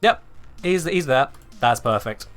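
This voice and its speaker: A man's voice: medium pitch, lively intonation, measured pace, a bit bright, faint music behind. Chatty English man streaming live. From England. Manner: chatty, wry, talking to chat. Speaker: game streamer. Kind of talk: casual live-stream chat.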